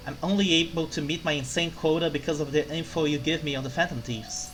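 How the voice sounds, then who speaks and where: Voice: mid-range voice, quick pace, a little hiss or hum, lightly acted, rough recording. A player voicing a tipsy, brash female journalist from a video game, reading her lines with a put-on drunk slur. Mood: wry. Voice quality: slurred drunk voice. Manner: loud, emphatic, swings to shouting. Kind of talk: reading game dialogue aloud.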